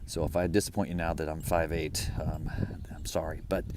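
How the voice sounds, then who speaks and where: A middle-aged man giving an informal sermon, telling a story in a lively, conversational way. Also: extremely low pitch, a little fast, noisy background. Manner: storytelling, lively and conversational, drops to a hush for quoted dialogue. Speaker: preacher.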